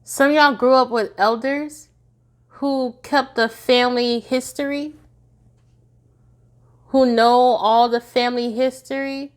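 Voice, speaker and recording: A woman's voice: high-pitched, steady tone, takes it slowly, pauses often. Goofy, tired woman reading tarot cards. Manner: chatty and goofy, laughs often, talks to viewers as y'all. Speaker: tarot reader. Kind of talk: casual spoken tarot reading to viewers.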